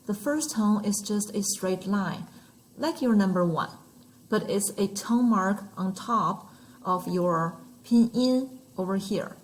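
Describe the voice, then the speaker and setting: A woman's voice: mid-range voice, lively intonation, slow pace, a little hiss or hum, low-quality recording. A woman teaching numbers and tones in an online lesson, patient and demonstrating each sound aloud. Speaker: Mandarin teacher.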